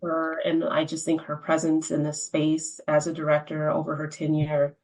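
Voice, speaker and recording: Woman, podcast host, deep voice, casual chat, affirming. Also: completely flat delivery, normal speed, a little mellow, rough recording.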